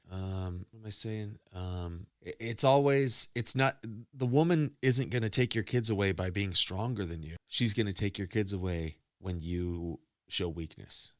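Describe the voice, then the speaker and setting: Deep-voiced rambling stream host. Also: male voice, clear, resonant tone, dry recording, clean studio sound. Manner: rambling, preachy, philosophizing about love and faith. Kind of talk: casual reaction stream talk.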